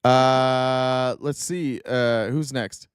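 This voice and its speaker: A man hosts a casual call-in stream, relaxed and quick to laugh. His voice sits at an ordinary pitch and is recorded dry and close, with no room sound. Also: clear, resonant tone, no room sound. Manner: laid-back, laughs easily. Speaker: stream host taking callers. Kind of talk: casual chat.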